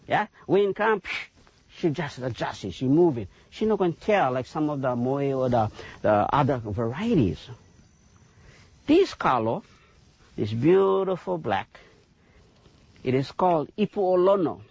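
A man's voice: mid-range voice, unhurried, creaky, husky, no echo, dull audio. A man with a Hawaiian Pidgin accent, a taro farmer explaining his fields on a farm tour in a folksy way, tagging "yeah?" onto his points. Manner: animated, folksy, lots of "yeah?" tags.

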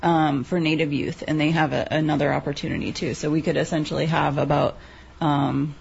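A woman who coordinates a youth agriculture program chats casually and enthusiastically about a youth farm program in a radio interview, using lots of fillers. Her voice is low, gravelly and a little fast, with fairly even intonation. The lo-fi recording sounds dull, with slight background noise and faint ambience.

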